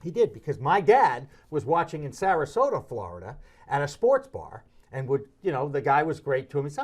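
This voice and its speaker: A middle-aged man hosting a sports talk show, telling stories in a casual, animated way and slipping into high voices when he quotes people. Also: fairly quick, breathy edge. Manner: animated, jumps into high-pitched voices when quoting others.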